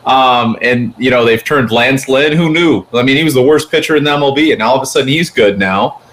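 A man co-hosting a casual sports podcast, talking in loose, rambling runs packed with fillers and restarts. His voice sits at an ordinary middle pitch for a man, and he keeps the talk chatty and unscripted. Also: fairly bright tone, slight background noise. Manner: rambling, quick, many fillers like "like". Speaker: podcast co-host.

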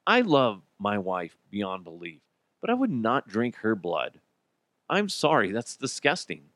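A man rants on his own comedy podcast, his pitch leaping up and down as he goes. He swears freely and keeps breaking into laughter. The sound is dry and close, with no room echo. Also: unhurried. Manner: profane, animated, laughs often. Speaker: podcast host. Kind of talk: comedic solo commentary.

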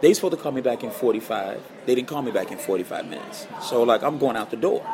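A man guitarist telling an emotional personal story as a guest, animated and repeating phrases for emphasis. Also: medium pitch, fast, a crowd in the background.

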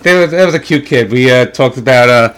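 A man's voice: medium pitch, fairly quick, fairly bright tone, smooth. A man co-hosting a casual podcast, bantering and joking in an easygoing way. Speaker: podcast co-host.

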